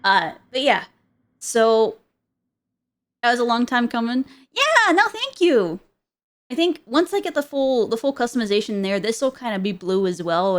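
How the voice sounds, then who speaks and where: A woman streamer in casual chat, rambling with many fillers and frequent giggles. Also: medium pitch.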